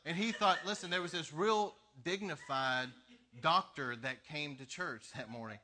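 A pastor preaching a sermon, telling stories in an animated way with laughter between lines. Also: male voice, fairly high pitch, moderate pace.

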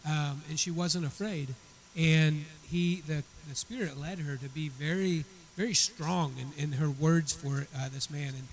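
Fairly high-voiced man teaching a Bible lesson. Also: a little mellow, a little hiss or hum, poor audio. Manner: conversational, repeats words as he restarts. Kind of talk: retelling a story as a church lesson.

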